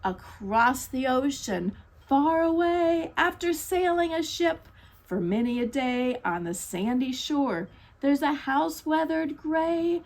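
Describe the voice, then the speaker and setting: A friendly mother sled dog from a storybook, as a woman voices her, dropping lower than the narration. She rhymes slowly in a sing-song way. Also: lively intonation, full character voice.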